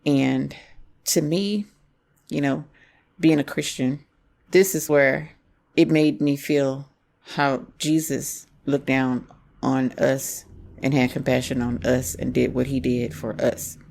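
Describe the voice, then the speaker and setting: A man with a gravelly, creaky voice co-hosts a film review podcast. He talks in a measured, reflective way. His tone stays casual and conversational. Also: mid-range voice, steady tone, a little mellow. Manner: reflective, measured, faith-minded. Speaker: podcast co-host. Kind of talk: casual movie review chat.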